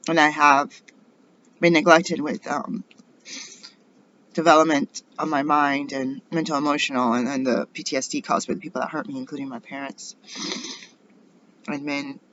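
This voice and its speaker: A woman's voice: low voice, little pitch movement, normal speed, pauses often, fairly bright tone. An indignant middle-aged woman rambles through a personal monologue and fires off rhetorical questions. The recording sounds dull and lo-fi. A faint hiss sits underneath. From United States. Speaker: vlogger.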